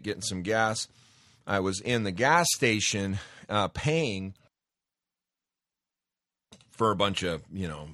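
Deep-voiced emphatic male talk radio host. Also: fairly bright tone, no room sound. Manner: emphatic, repeats words and restarts.

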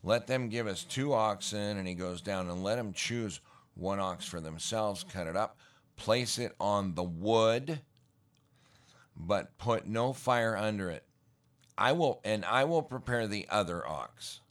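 Middle-aged male preacher, deep unhurried delivery, folksy sermon with emphatic peaks. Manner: folksy, slangy storytelling with rising emphatic bursts. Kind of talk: casual sermon.

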